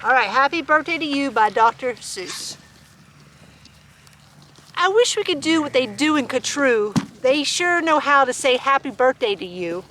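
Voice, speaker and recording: A woman's voice: sits high, expressive, unhurried, a bit bright, slight background noise. A woman reading a rhyming picture book aloud to her farm animals outdoors, playful and laughing between verses. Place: outdoors on a farm with sheep and dogs.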